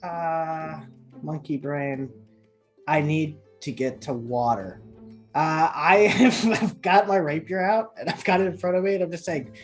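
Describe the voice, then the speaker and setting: A woman playing a tabletop role-playing game, describing her character's actions in an animated way. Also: sits low, unhurried, soft background music. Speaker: player. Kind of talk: casual tabletop play.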